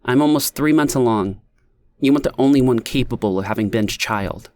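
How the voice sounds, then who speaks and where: A man's voice: mid-range voice, normal speed, a little mellow, close to an everyday voice. Smug pregnant woman, voiced by a man. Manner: curt, smug. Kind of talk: audiobook character voice.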